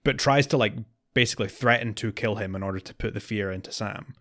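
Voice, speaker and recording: A man co-hosting a podcast in casual chat, getting animated and higher when worked up. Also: fast. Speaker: podcast co-host.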